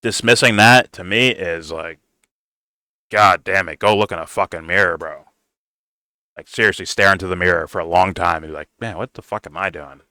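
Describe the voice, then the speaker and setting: Lowish voiced guy ranting hard, tense and punchy, swears a ton, dry close sound. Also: normal speed, sharp tone, smooth, no echo. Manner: blunt, heated, swears constantly, says "bro". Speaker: political commentator reacting to a video. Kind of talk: profane reaction rant.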